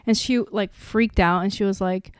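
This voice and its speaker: Woman podcast host, 30s, mid-pitched, tells stories candidly, dry close-mic sound. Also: normal speed, smooth, dry recording. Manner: candid, animated storytelling with many restarts. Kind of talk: casual podcast chat.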